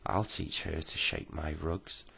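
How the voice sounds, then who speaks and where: An indignant little storybook creature, voiced by a man reading aloud, talking in a low, gravelly voice with a husky edge. He speaks slowly. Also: fairly even intonation, sharp tone, heavily acted. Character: indignant moon-faced male fairy-tale creature.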